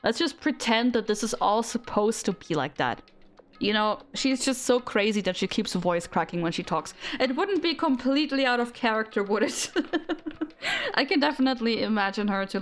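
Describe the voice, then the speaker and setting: A young woman streamer chatting casually with her audience, giggling and rambling in a self-deprecating way. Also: mid-range voice. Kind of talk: casual live-stream chat.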